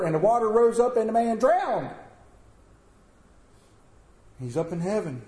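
High-voiced man preaching, loud then hushed. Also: lively intonation, gravelly, reverberant, low-quality recording. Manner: swings from loud emphatic calls to hushed, slow, drawn-out phrases. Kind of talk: sermon with scripture reading, joke and prayer.

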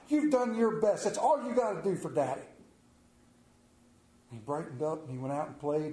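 High-voiced preacher in an echoey hall. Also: male voice. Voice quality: folksy Southern drawl talk with "ain't" and "y'all". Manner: storytelling, shifting from hushed tender moments to loud emphatic preaching. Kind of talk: sermon. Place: church sanctuary.

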